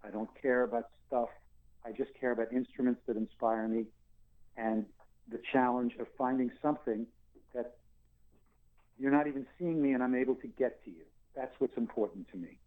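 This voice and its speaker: A singer-songwriter in his sixties from New York, telling animated stories and acting out dialogue as an interview guest. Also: mid-range voice, moderate pace. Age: 60s. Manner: animated storyteller who acts out dialogue and laughs. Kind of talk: phone interview. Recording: tinny phone line.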